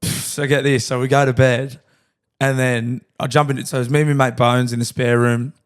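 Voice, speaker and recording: Laddish young Australian podcast co-host, casual storyteller, drops constant expletives. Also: male voice, medium pitch, level tone, moderate pace, smooth. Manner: laddish, swears a lot, acts out quoted lines.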